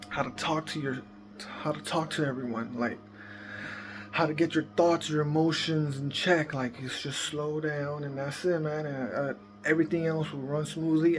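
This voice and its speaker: A man giving casual, profanity-heavy parenting advice in a rambling, laid-back vlog monologue. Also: fairly high pitch. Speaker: parenting vlogger.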